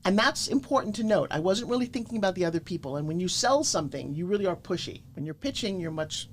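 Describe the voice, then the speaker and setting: Animated middle-aged woman telling stories. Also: lowish voice, fast talker, a little hiss or hum. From Florida. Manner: emphatic, animated, acts out quotes. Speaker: guest, pitch coach. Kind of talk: energetic motivational storytelling.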